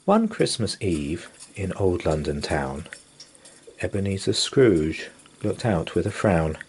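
Slow, deep-voiced man reading a bedtime story. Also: slight background noise. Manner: gentle, expressive reading that acts out character voices. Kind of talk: bedtime story read-aloud.

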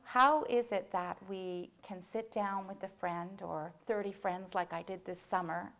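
A woman's voice: medium pitch, steady tone, unhurried, fairly bright tone. A middle-aged woman giving a lecture, animatedly retelling a story with quoted voices and asides. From Canada. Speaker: author giving a memorial lecture.

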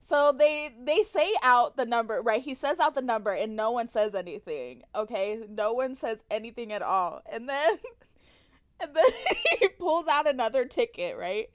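A woman's voice: a little high, animated, normal speed, no room sound, clean studio sound. A young woman co-hosting a podcast, chatting casually and telling stories in a teasing, dramatic way. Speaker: podcast co-host. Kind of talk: casual chat.

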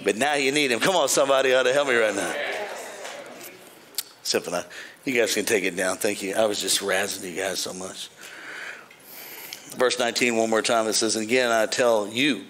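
A male pastor preaching a sermon with jokes, swinging between shouted praise lines and quiet, dry asides to the congregation. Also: fairly low pitch, moderate pace, pauses often, a little hiss or hum.

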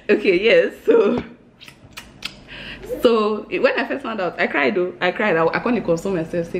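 A woman in her thirties, chatting casually to camera at home in a bubbly, excitable way, laughing often. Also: mid-range voice, normal speed, lo-fi sound, a little hiss or hum. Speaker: vlogger and new business owner. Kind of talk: casual vlog chat to camera.

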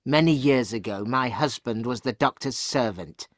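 A fierce, stern French wine-shop woman from an audiobook, voiced by a man. She talks in a firm, grim, measured way at a middling pitch. The sound is close and dry. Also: no echo, close to an everyday voice. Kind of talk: graded reader audiobook acting.

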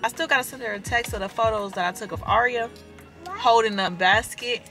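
A young woman and mother of four, vlogging casually from her car and talking straight to her viewers with lively emphasis. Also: on the high side, brisk, over music. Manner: animated and emphatic, addresses viewers as y'all. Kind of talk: casual chatty vlog talk.

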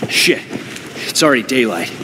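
An actor playing a male squad sergeant who gives steady, clipped military orders. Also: mid-range voice, moderate pace, noisy background, lightly acted. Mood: commanding. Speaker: squad leader.

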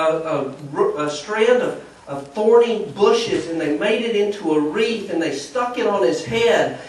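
A man preaching a storytelling sermon in church, animated, acting out the voices of the people in the story. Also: high-pitched, far from the mic, a little hiss or hum. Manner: animated, acts out quoted voices. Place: church sanctuary. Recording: echoey church recording from afar.

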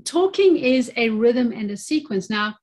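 Emphatic, higher-voiced woman therapist on a call. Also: lively intonation, unhurried, a little mellow. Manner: emphatic, earnest, repeats phrases for stress. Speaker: occupational therapist and guest expert. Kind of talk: conversational webinar interview.

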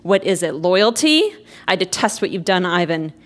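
A woman's voice: fairly low pitch, big pitch swings, moderate pace. A woman reads a proud young serf woman, cold and full of scorn. She spits her words at the listener. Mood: scornful.

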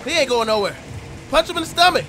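A man doing loud, joking, profane commentary while playing a video game, shouting at the characters on screen. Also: very high-pitched, big pitch swings, fast talker. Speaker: gaming YouTuber. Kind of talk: let's play commentary. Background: game music and rain sounds.

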